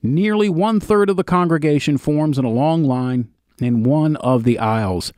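A medium-pitched male narrator reads an old written account steadily for a video, pausing here and there for casual asides. There's no room sound; it's a clean studio recording.

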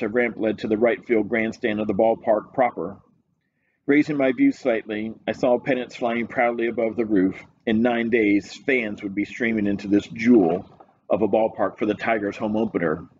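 A man reading a novel aloud in steady, measured first-person narration. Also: lowish voice, husky, lo-fi sound. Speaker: reader. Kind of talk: audiobook-style narration.

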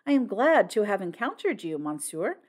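A woman's voice: medium pitch, sing-song, normal speed, a little mellow. A woman voicing a polite, fussy foreign male detective who speaks in formal, florid phrases in a storybook reading.

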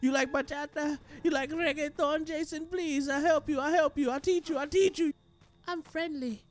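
A man voicing a panicky young man who begs and boasts in a high, whiny voice. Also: fairly even intonation, normal speed, faint music behind. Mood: pleading. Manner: begging, boastful, comic.

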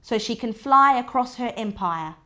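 A woman's voice: a little high, animated, moderate pace, sharp tone, pitched above the performer's own voice. A woman voicing a playful, imaginative young child who narrates a read-aloud storybook.

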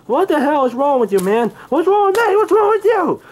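A man voicing a furious, hot-tempered male character who yells threats. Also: very high-pitched, very animated, a little fast, slight background noise, voice pushed up. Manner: shouting, yelling threats.

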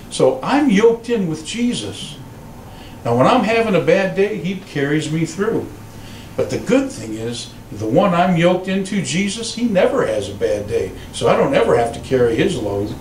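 A man preaching as a pastor, telling stories and acting out quoted voices with lively delivery. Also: roomy sound, recorded from a distance, a little hiss or hum, low-quality recording. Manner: animated storytelling, voices quotes in a raised pitch. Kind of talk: sermon. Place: church sanctuary.

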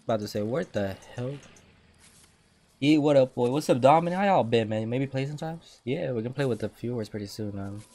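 A male game streamer talks in a lively, swooping voice, full of slang and swearing, and he flares into loud rants. A steady hiss of background noise sits under his voice. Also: medium pitch, brisk. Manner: slangy and profane, flares into loud rage after losing. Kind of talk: live gaming commentary.

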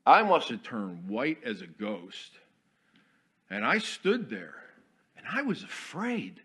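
Bright-voiced man preaching. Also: mid-range voice, wildly swooping pitch, a little slow. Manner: folksy, swings from quiet asides to loud declarations. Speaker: Army chaplain guest preacher. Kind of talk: storytelling sermon. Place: church sanctuary.

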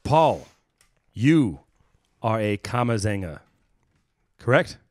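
A man's voice: lowish voice, very animated, slow, a little mellow, no echo. Dry-sounding male podcast host. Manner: friendly, leads the questions. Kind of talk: casual interview. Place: a house.

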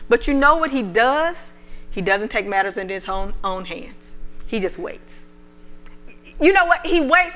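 A woman minister preaching a sermon, acting out the prophet's words with animated feeling. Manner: animated, acts out the prophet's pleas in a raised voice; reads scripture aloud in a lower, measured voice. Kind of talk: sermon with scripture reading.

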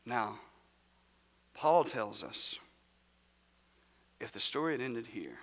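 A man preaching a sermon as pastor, in a rhythmic cadence that swells to shouts and sinks to a hush. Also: mid-range voice. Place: church sanctuary. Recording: long church hall reverb.

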